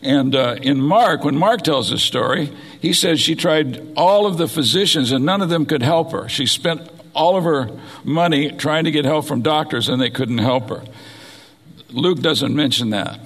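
A man's voice: fairly high pitch, moderate pace, fairly bright tone, breathy edge, long reverb tail. A man preaching a sermon, reading scripture aloud and explaining it verse by verse. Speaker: pastor.

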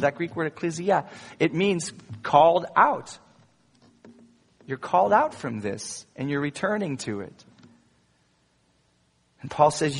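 A male pastor preaching a sermon in an animated way, rising into emphatic quotes. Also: a little high, a little slow, vocal fry, long pauses, slightly rough. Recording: echoey hall, long reverb.

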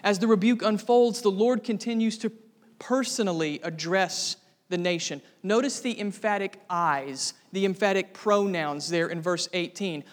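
High-voiced preacher in a reverberant hall. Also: male voice, normal speed. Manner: earnest preaching, rising to fervent emphasis. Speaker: pastor. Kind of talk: sermon.

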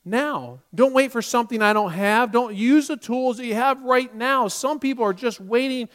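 High-voiced man preaching emphatically. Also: normal speed. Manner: emphatic, swings from loud to hushed. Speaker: pastor. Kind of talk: sermon.

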